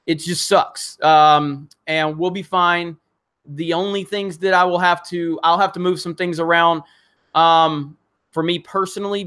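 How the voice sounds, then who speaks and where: A man with a slightly high voice hosts a casual live stream, reading viewer comments aloud. He talks in a rambling, frustrated way, full of restarts and fillers, and swears when he gets worked up. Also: pushed and bright.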